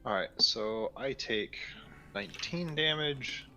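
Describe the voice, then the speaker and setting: A man playing in a tabletop game, speaking casually and deliberately. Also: mid-range voice, expressive, creaky, sharp tone, faint music behind, rough recording. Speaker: player.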